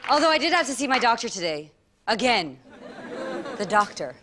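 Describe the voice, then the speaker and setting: A woman doing a stand-up comedy act, laughing at her own jokes and filling the gaps with awkward pauses. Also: a little high, very animated, a loud crowd, heavy background noise. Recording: live stage with music and audience.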